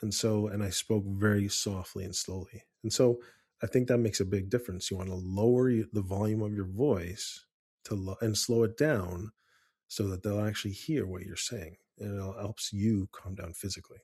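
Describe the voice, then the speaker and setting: A middle-aged man with a low, mellow voice co-hosts a casual podcast. He talks in a calm, earnest way and tells personal stories, often restarting his sentences. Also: normal speed, breathy edge. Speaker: podcast co-host.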